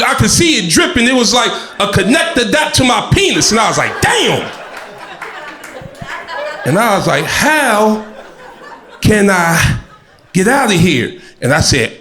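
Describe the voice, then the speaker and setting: A middle-aged man doing live stand-up comedy, an animated storyteller who shouts and acts out voices. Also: very high voice.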